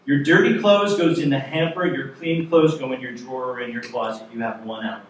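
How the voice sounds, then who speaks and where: A man's voice: medium pitch, fairly even intonation, a little fast, a little hiss or hum, pitched below the performer's own voice, close to an everyday voice. A man voicing a mother giving firm, matter-of-fact instructions to her children. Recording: echoey sanctuary, mic far off.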